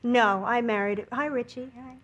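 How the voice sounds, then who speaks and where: A young woman from Long Island, a stand-up comedian on a TV studio stage, with a quick, punchy delivery. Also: on the high side, fairly even intonation, dull audio. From Long Island, New York. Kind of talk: stand-up routine and talk-show chat. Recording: loud studio audience and noisy broadcast.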